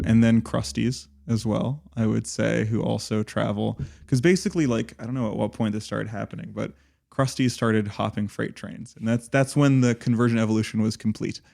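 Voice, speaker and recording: A man's voice: lowish voice, creaky, warm tone. A man co-hosting a podcast, talking casually and rambling, with many fillers and restarts. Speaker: podcast co-host.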